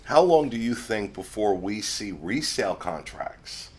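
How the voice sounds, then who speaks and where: A man's voice: lowish voice, big pitch swings, measured pace, a little mellow, slightly rough. A man hosting a podcast, leading the questions in casual chat.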